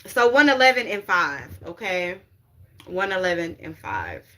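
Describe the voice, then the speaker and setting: A woman's voice: on the low side, very animated, measured pace, pushed and bright. A woman spiritual reader talking casually and animatedly to viewers, swearing freely, laughing often and dropping in "you get what I'm saying" asides. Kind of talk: casual livestream talk.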